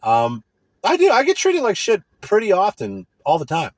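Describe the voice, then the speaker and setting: A man's voice: sits high, huge pitch swings, normal speed, dry recording. A man in a casual, profane, indignant rant. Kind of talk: casual ranting monologue.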